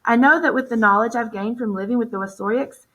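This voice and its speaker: A woman narrating a novel in the first person as an audiobook narrator, in a steady, measured storytelling voice. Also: fairly high pitch, rough recording.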